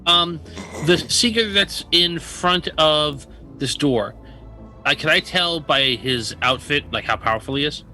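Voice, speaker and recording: A man's voice: fairly high pitch, lively intonation, a little slow, sharp tone, faint music behind. A man playing a tabletop game, talking casually and hesitantly, with many ums and restarts. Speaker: player.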